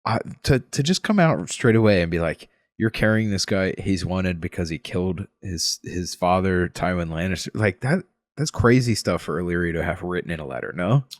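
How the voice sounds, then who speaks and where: A very deep-voiced man co-hosting a casual book podcast. He is easygoing and curious, and often pushes back with questions. The sound is dry and close, with no room echo. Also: animated, normal speed. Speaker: podcast co-host.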